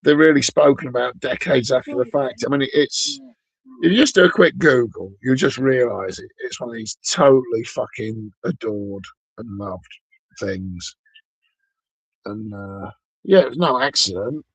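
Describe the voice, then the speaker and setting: A man's voice: mid-range voice, animated, unhurried, breathy edge, no room sound, rough recording. A middle-aged British man streaming, rambling through a sweary, sardonic, digressive rant in casual chat.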